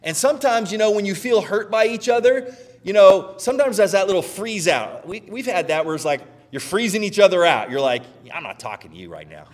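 A middle-aged man preaching a sermon as pastor, conversational and animated, often checking in with "right?". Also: high voice, a little fast, big-room sound.

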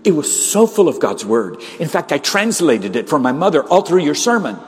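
A man's voice: on the high side, very animated, normal speed, pitched above the performer's own voice. A male preacher voicing an earnest, gracious immigrant woman who is new to his church. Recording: long reverb of a large hall.

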